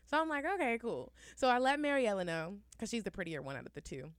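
A woman's voice: on the high side, fast talker, smooth, no room sound. A woman co-hosting a podcast, telling a story in a casual, profane way and acting out the people in it. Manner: animated, profane, acts out the people in her stories. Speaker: podcast co-host.

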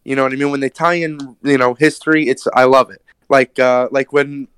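A man's voice: medium pitch, flat delivery, brisk, a bit bright, clean tone, no room sound. A man co-hosting a casual chat, talking enthusiastically and swearing, often asking "you know what I mean". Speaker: podcast co-host.

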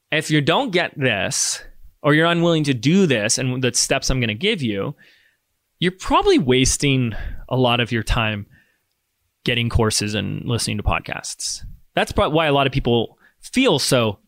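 Man, podcast host, mid-pitched, enthusiastic, rambles with self-mocking asides, dry close sound. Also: fairly bright tone, no echo. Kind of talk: motivational podcast monologue.

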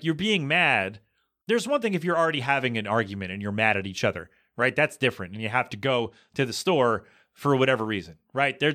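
A man on a podcast telling a rambling anecdote in a casual, animated way, acting out the people in it as he goes. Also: mid-range voice. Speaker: podcast co-host. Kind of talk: casual storytelling chat.

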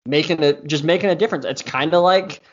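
A man's voice: fairly high pitch, fast talker, highs cut off. A man co-hosting a casual sports talk show, sharing his football picks in an easygoing way. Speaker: podcast co-host.

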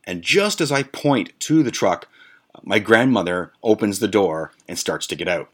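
Deep-voiced man telling a profane story. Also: expressive, moderate pace, a bit bright. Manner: profane, rambling, with many fillers and restarts. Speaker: podcast host. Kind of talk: casual storytelling rant.

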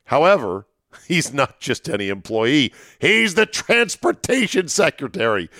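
A man hosting a talk show, telling stories in a chatty, wry way, his voice going hoarse. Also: fairly high pitch, sing-song, a little slow, pushed and bright, no echo, studio quality. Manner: chatty, storytelling, wry asides. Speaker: sports radio host. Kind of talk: solo monologue, casual chat.

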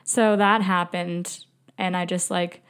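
A woman's voice: lowish voice, flat delivery, slow, clean tone. A woman hosting a podcast, telling a travel story in a chatty, emotional, self-mocking way, laughing often and filling her talk with "like.". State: migraine, speech slipping. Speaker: podcast host. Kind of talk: casual storytelling monologue.

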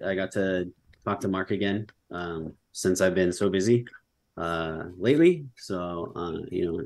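Young man, low voice, casual debate talk, lots of "like" and "um". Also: a little mellow. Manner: loose, filler-heavy speech with many "like"s and "um"s.

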